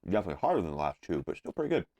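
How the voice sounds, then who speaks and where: A man's voice: low voice, rapid-fire. A man co-hosting a podcast, trading jokes in casual chat. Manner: joking, animated banter. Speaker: podcast co-host.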